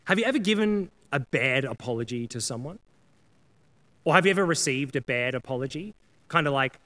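A man's voice: mid-range voice, animated, a little fast, fairly bright tone. A man preaching a sermon in a casual, earnest way, often acting out prayers and apologies in quoted voices. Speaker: pastor.

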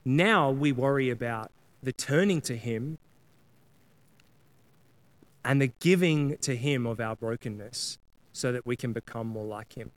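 A man's voice: medium pitch, unhurried, long pauses. A man preaching a sermon in a casual, earnest way, often acting out prayers and apologies in quoted voices. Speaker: pastor.

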